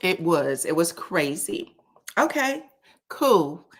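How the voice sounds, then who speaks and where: A woman hosting a casual commentary show. She talks in a sassy, animated way, often says "child", chuckles, and uses "um". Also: lowish voice, takes it slowly. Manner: frequent chuckles and filler "um". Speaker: host of a reality TV commentary channel.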